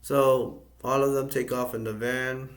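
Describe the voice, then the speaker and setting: A man from the United States talks through a movie's story scene by scene. His pitch sits in the middle and barely moves, giving a flat, even delivery. He rambles and circles back as he goes. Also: measured pace. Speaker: movie reviewer. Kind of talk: casual plot recap.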